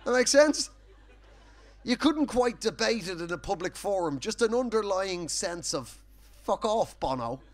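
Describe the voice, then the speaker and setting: An Irish stand-up comedian performs live on a festival stage, telling sweary, punchy stories loaded with tag questions. His voice sits high, with lively intonation and a measured pace.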